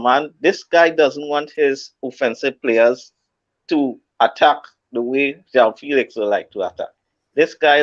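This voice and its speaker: A man giving blunt, slangy football opinions in a casual chat, often restarting his sentences. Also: mid-range voice. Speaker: co-host. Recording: slightly dull audio.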